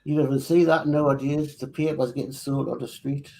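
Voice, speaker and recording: A man's voice: medium pitch, brisk, gravelly. A man chatting casually while building a model kit, explaining each step as he goes. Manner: relaxed, explains assembly steps as he works.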